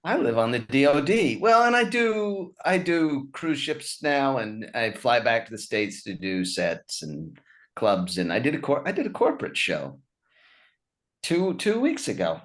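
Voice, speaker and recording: A man's voice: medium pitch, very animated, a little slow, fairly bright tone. A man in his fifties from Utah, a stand-up comedian chatting as a guest on a video call, wry and self-mocking, laughing often. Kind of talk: casual chat over a video call.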